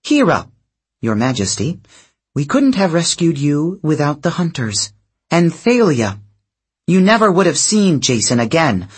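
A man voicing a determined teenage girl with a husky voice, speaking urgently and firmly. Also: fairly high pitch, very animated, measured pace, pitched above the performer's own voice, exaggerated voice. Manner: urgent, pleading, firm.

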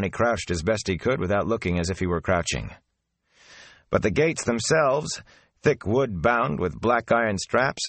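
With no room sound around him, a lowish-voiced man narrates a fantasy audiobook, keeping his delivery even and measured.

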